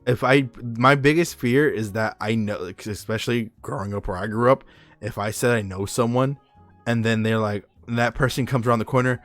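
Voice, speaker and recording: A man's voice: mid-range voice, a little fast, no echo, soft background music. Slangy young man telling stories. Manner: animated storyteller, slangy and profane. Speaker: podcast host. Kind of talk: casual chat.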